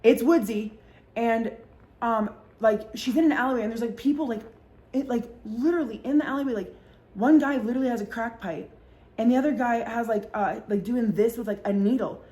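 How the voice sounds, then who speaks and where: A woman's voice: on the high side, brisk, warm tone. A woman in a casual storytime chat, rambling with constant fillers and heavy swearing and acting out the voices of people she quotes. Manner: acts out voices in quoted dialogue. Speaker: vlogger.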